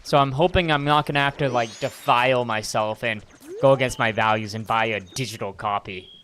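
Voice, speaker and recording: A man's voice: mid-range voice, a little fast, a bit bright, slight background noise. A man chatting casually as a streamer while playing a game, joking and chatty with bits of mock outrage. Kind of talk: casual gameplay commentary.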